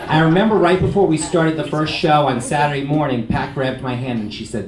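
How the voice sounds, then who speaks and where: A man's voice: on the high side, fairly quick. A man from New York City, a TV news anchor, giving a humorous, self-deprecating storytelling speech at a luncheon. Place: restaurant event hall with a lunch audience. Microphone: venue microphone. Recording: echoey hall, far from mic, crowd and noise.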